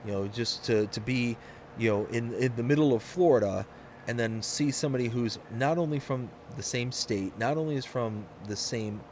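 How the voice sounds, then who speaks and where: A man's voice: mid-range voice, a little mellow, a little hiss or hum. Rambling male streamer from Michigan. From Michigan, USA. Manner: rambling, anecdotal, frequent restarts. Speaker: live-stream host. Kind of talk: casual chat while streaming a game.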